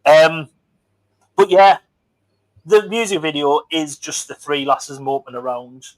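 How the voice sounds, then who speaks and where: A man's voice: a little high, a little slow, dry recording, low-quality recording. Man hosting, dry close sound. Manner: teasing, jokey, mimics others. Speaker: livestream host. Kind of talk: casual chat.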